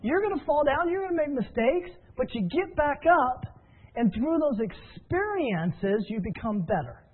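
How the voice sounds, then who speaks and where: A fairly high-voiced man tells stories and coaches his listeners in an upbeat, encouraging way. His voice comes through a thin, tinny phone line. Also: very animated, moderate pace. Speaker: business trainer. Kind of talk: motivational training talk.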